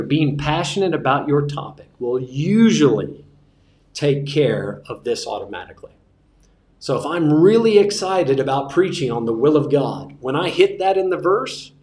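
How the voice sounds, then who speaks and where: Male instructor teaching preaching, easygoing and wry, repeats key phrases, mid-pitched voice, roomy classroom sound. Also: a little mellow. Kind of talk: teaching a class on sermon delivery.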